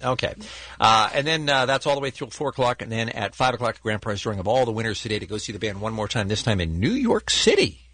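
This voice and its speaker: A man's voice: lowish voice, sing-song, fast, fairly bright tone, no echo. A man co-hosting a morning radio show, teasing callers with dry banter.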